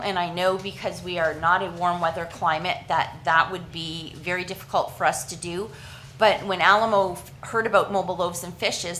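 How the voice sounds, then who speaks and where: A woman from Canada giving an earnest, halting presentation at a council meeting, with frequent restarts and fillers. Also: lowish voice, a bit bright, slight background noise, low-quality recording.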